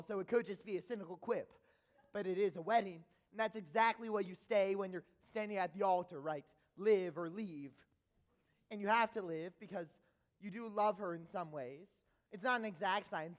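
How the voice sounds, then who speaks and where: A man's voice: high voice, lightly acted. A man playing a nervous, chatty theater fan who narrates with rambling asides to the audience in a stage musical.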